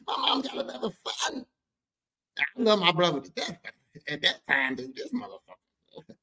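A man telling comedic family stories on his podcast, rambling and cursing freely. His voice sits a little high and swings widely in pitch as he gets worked up. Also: moderate pace, gravelly, pauses often. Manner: profane, animated, rambling. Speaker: podcast host. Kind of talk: comedic personal storytelling.

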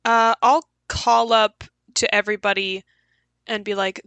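A woman with a bright, forceful voice, recorded close and dry. She takes part in a casual tabletop game, asking questions and working out her plans aloud. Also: mid-range voice, level tone, a little slow, dry recording. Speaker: player.

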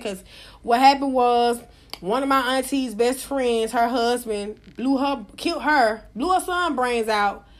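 A woman hosting a live audio chat room, loud, profane and fussing as she talks. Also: high-pitched. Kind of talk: casual live-stream chat.

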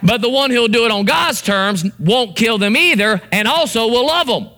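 A man's voice: very high voice, animated, moderate pace, bright, forceful tone. A man preaching a sermon, acting out prayers and quotes with big swings in his voice. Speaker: pastor.

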